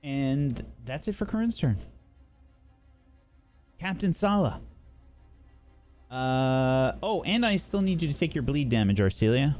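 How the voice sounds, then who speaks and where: Slow, unhurried male game master. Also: mid-range voice, sing-song, a little mellow, faint music behind. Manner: unhurried, many fillers. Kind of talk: narrating a tabletop game.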